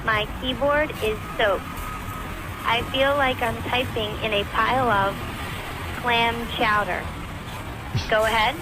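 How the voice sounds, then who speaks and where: A woman flatly reading out a crude prank message for a relay call, with no feeling in the delivery. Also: on the high side, slow pace, pauses often, over music, poor audio. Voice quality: flat, emotionless delivery. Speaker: text-to-speech relay reader.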